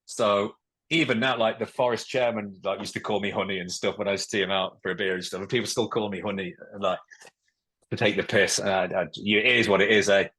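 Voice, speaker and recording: A man's voice: on the low side, steady tone, quick pace, a bit bright, husky. A man in his forties, a guest telling stories in casual chat, candid and swearing freely. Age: 40s. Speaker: podcast guest, musician and ex-footballer.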